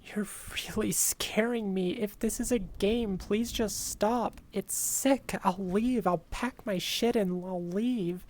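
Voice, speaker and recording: A woman reading as a frightened young neighbor in a horror story, slow and pleading, her voice climbing higher and louder as she insists she is real. She sounds upset and defensive. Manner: pleading, upset, rising to shouts.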